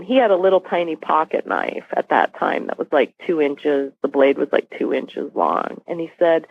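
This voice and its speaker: Here a podcast guest with a deep, sing-song voice and vocal fry tells a personal story vividly, voicing each person's lines. She keeps a moderate pace with hardly any pauses, and the phone-like recording is dry with no echo.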